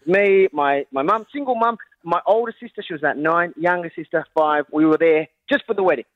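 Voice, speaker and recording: Fast-talking high-voiced man. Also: no room sound, muffled recording. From Australia. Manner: animated, laughs while telling, acts out family members. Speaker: podcast guest. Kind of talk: casual podcast anecdote.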